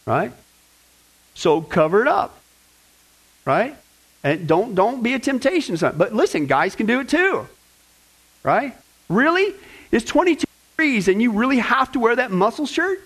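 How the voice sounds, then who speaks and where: Give me a high-pitched male pastor giving a lively, joking sermon. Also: moderate pace, low-quality recording. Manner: lively, joking, talks directly to the congregation. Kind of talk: sermon with fill-in-the-blank notes.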